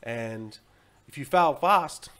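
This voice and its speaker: A man's voice: medium pitch, lively intonation, slow. A man hosting his own livestream, delivering a motivational monologue with emphatic repetition and frequent "right?" checks. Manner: swings between loud peaks and quiet drops. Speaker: crypto livestream host.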